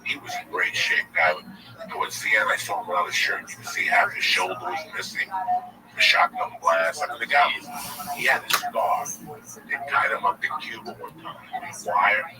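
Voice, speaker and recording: A man in his forties telling a long personal story as a guest, casual and profane, with animated delivery. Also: on the low side, normal speed, a loud crowd. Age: 40s. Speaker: comedian guest. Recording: distant mic with loud background noise.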